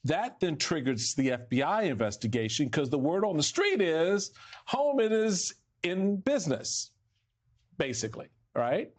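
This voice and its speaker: A man's voice: a little high, big pitch swings, a little slow. Man casually explaining on a panel. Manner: casual storytelling with fillers. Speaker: panel commentator. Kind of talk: political panel discussion.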